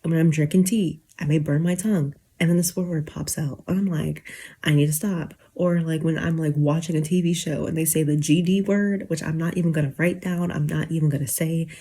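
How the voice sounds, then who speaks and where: Twenties woman venting on her channel at 1am, teary and rambly, kinda husky mellow voice. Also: low-pitched, steady tone, fairly quick. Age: 20s. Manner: emotional, on the verge of tears, rambling with many fillers. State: teary, holding back tears. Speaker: YouTuber. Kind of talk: late-night casual rant to camera.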